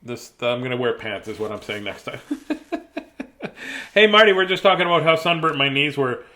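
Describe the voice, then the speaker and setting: A man's voice: mid-range voice, animated, a little fast, pushed and bright. A man in his fifties reading a children's book aloud on his show, chatty and prone to rambling asides. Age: 50s. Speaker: host reading children's books. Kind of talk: casual live read-aloud.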